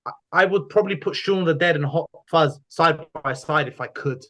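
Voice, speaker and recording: A young man with a London accent, co-hosting a casual podcast chat and lively in how he tells things. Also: fairly high pitch, brisk. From London, England. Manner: animated, often acts out quoted voices. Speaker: podcast co-host.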